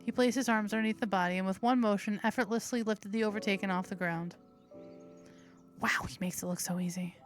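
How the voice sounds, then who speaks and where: A woman's voice: medium pitch, steady tone, fairly quick, soft background music. Playful woman reading a dating game aloud. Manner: playful, giggly, crude jokes between narration. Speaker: host.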